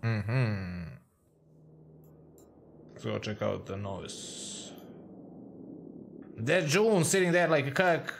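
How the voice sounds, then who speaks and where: A man's voice: mid-range voice, takes it slowly, vocal fry, long pauses, background noise. Crude jokey guy streaming a game, headset mic right at his mouth. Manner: crude, joking, chatty, reads chat aloud. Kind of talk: casual live-stream commentary. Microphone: headset mic close to the mouth.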